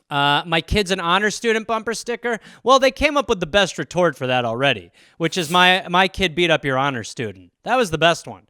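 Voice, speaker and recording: Bright-voiced man riffing on a comedy podcast. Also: sits high, smooth, no room sound, studio quality. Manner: rambling, profane, acts out little scenes in quick voices.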